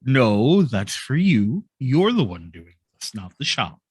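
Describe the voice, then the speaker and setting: A man's voice: mid-range voice, very animated, slow pace, husky, dry recording, heavily acted. A man voicing a large, good-natured older baron gushes with enthusiasm. The voice sits mid-range, dry and close, with no room sound. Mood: kindly. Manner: effusive, apologetic, warmly enthusiastic. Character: jovial big older male baron.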